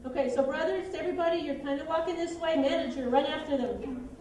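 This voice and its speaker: A woman teaching children, narrating a Bible story and directing kids through a skit in a lively, brisk way. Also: high-pitched, crowd noise. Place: church room with children. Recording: echoey room, distant mic.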